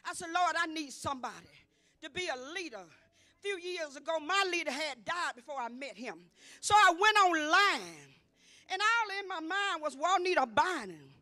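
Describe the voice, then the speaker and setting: High, bright-voiced woman in her fifties. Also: normal speed, no room sound. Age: 50s. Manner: lively storyteller acting out the dialogue, rising to emphatic exclaiming. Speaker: church member giving testimony. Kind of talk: church testimony. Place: church convocation.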